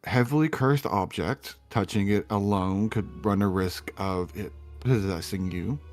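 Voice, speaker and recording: A man with a low voice talks through his moves in a tabletop game, calm and matter-of-fact, with an easy chuckle. Faint music plays behind him. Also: unhurried. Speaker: player. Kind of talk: casual tabletop play.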